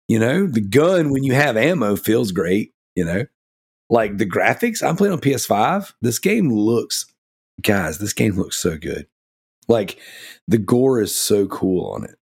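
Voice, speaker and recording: A man's voice: mid-range voice, a little mellow, husky. A man co-hosting a casual gaming podcast, rambling and enthusiastic, with many fillers like "you know" and "like". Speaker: podcast co-host.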